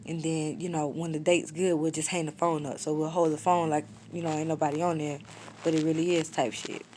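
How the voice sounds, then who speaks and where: A woman's voice: low-pitched, level tone, brisk, darkish tone, slight background noise. A woman in her twenties telling a personal story in a casual vlog, in blunt, slangy, matter-of-fact talk that shows little emotion. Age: 20s. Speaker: storyteller vlogger. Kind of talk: casual story time monologue.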